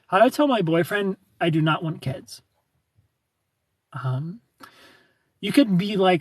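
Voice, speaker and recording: Male livestream host, slightly raised pitch, breathy husky tone, chatty and blunt with viewers. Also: measured pace, pauses often, no room sound. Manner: chatty, gives frank relationship advice to viewers by name. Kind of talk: casual livestream chat.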